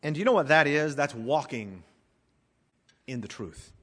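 A man preaching a sermon as pastor, emphatic, swelling loud then dropping to a hush. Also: on the high side, lively intonation, moderate pace, big-room sound.

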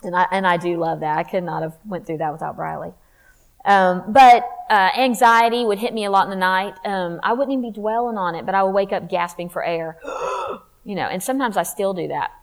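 A woman telling her faith testimony in a candid, animated way, acting out what people said. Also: mid-range voice, brisk, poor audio. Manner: candid, animated, acts out quotes. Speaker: speaker sharing testimony.

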